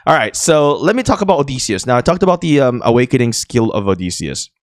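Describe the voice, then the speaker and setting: A man's voice: medium pitch, very animated, fast talker, no echo, studio quality. A man hosting a gaming channel, chatting casually as he walks through game screens, with frequent fillers and restarts.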